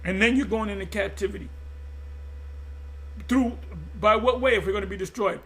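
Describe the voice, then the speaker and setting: A man's voice: high-pitched, normal speed, a bit bright. A man preaching in an impassioned monologue, emphatic and repetitive, often stumbling and restarting mid-phrase. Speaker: religious group teacher.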